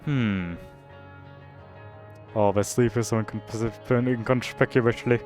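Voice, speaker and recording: A young British man commenting casually on a game he is playing, swearing and reacting loudly to what happens on screen. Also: mid-range voice, steady tone, takes it slowly, soft background music. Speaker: streamer.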